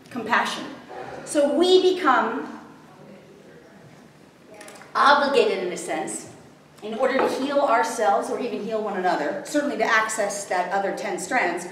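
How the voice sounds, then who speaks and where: A woman's voice: fairly high pitch, expressive, a little slow, pauses often, fairly bright tone. A woman giving a spiritual workshop talk to a live group, often checking that the audience follows. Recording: very echoey room, distant, faint noise.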